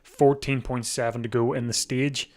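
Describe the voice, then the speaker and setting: A man's medium-pitched, slightly mellow voice barely moves in pitch as he hosts a live stream watching a bike race. He sounds sleepy, yawns, chats casually with many restarts, thinks aloud, and laughs quickly.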